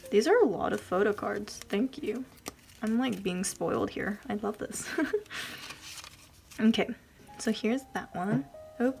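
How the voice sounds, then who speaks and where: A woman vlogger chatting casually as she unboxes a package, gushing and giggling, often dropping into soft whispers. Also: medium pitch, unhurried, creaky, pauses often, faint music behind.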